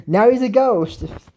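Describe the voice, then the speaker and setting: A woman's voice: mid-range voice, mellow, husky. A young woman casually recapping a cartoon episode, rambling with filler words and making little whooshing sound effects. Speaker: show recap host.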